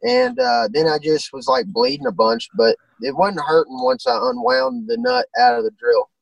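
A young man in his twenties with a very gravelly, high voice that swings up and down a lot. He talks bluntly and crudely in a relaxed interview chat. He sits well back from the microphone in a dry room. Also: normal speed, no room sound, distant mic, dull audio. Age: 20s. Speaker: guest fighter.

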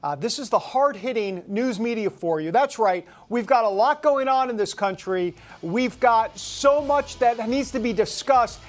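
A woman's voice: on the high side, normal speed, faint music behind. Sarcastic woman talk radio host. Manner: sarcastic, mocking, laughs at headlines.

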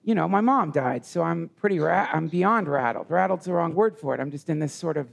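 A man telling a personal story in conversation, earnest and halting with many restarts. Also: on the high side, vocal fry. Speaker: guest.

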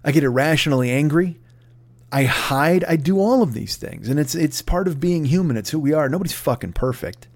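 A man's voice: on the high side, lively intonation, a little fast, darkish tone. A man hosting a podcast, delivering a profane, digressive comedic rant. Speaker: podcast host.

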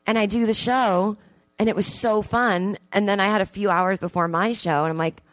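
A woman comedian telling a story live on stage, self-mocking and animated, acting out her own thoughts. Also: fairly low pitch, normal speed, no room sound. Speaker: comedian and podcast host. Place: theatre stage with audience.

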